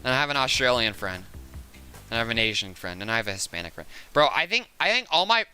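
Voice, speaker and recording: A man's voice: mid-range voice, very animated, quick pace, sharp tone, soft background music. A young man from the Southern United States with a Southern accent, chatting casually and rambling during a live game stream. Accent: Southern American. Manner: rambling, chatty, laughs often.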